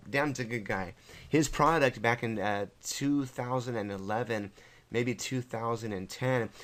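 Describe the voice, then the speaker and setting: A man's voice: fairly low pitch, fairly bright tone. A man teaching an online marketing course in a casual screen-share tutorial, rambling with many fillers and self-corrections, his voice slightly worn.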